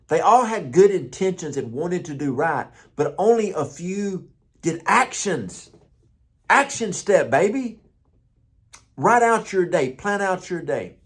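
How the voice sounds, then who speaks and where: A man's voice: sits high, expressive, slow pace, slightly rough. A man who is a pastor, giving a conversational motivational morning talk with stories and repeated words.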